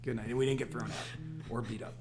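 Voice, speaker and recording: A man's voice: mid-range voice, fairly quick, music in the background. A man co-hosting a podcast, telling a story in casual chat and laughing as he goes. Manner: animated, laughs through stories. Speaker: podcast co-host.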